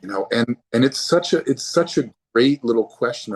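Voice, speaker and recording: The speaker is a physician being interviewed in a conversational format, his mid-range voice moving at normal speed. Earnest in tone, he frequently restarts thoughts by repeating words.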